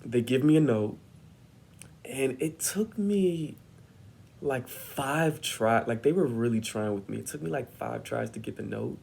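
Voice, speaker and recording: A young man tells a personal story straight to the camera in a lively vlog style. His low voice has a dark, gravelly texture, and he jumps into the voices of the people he quotes. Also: measured pace, slight background noise. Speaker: vlogger.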